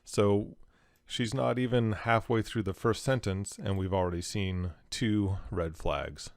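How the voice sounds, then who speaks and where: A man with a very low voice walks the viewer through clues in a calm, teaching manner. The sound is dry and close, with no room around it. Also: unhurried, dry recording. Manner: calm, instructive, step-by-step. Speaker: host analysing body language. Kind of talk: explanatory commentary.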